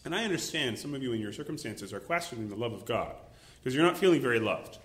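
A man preaching a sermon as a pastor, animated, acting out little voices and exclaiming as he goes. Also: medium pitch, fast, echoey room.

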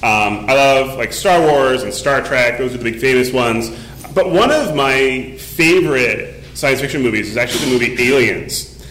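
A man's voice: mid-range voice, lively intonation, normal speed, fairly bright tone, slight background noise. A man in his forties giving a casual sermon in church, telling a story in a chatty way full of fillers. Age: 40s. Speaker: pastor. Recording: echoey room.

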